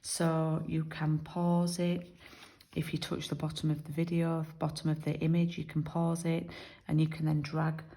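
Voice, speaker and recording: A woman's voice: deep voice, monotone, normal speed, warm tone, poor audio. A woman from the UK giving a chatty, step-by-step card-making tutorial, explaining as she works. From United Kingdom. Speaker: craft demonstrator.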